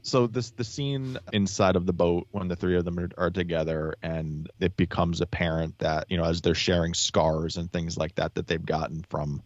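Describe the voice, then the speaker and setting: A man with a very deep voice talks loosely as a podcast guest, restarting his sentences again and again. The recording is dull and lo-fi, dry with no room sound. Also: fairly even intonation, moderate pace, few pauses, dry recording. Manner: rambling, many restarts and fillers. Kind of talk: casual podcast chat.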